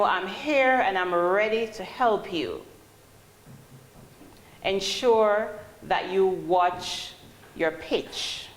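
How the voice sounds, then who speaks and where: A woman teaching a call-centre class, calling on students and asking them questions. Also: lowish voice. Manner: calls on students, asks questions. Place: training classroom. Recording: roomy classroom, faint hum.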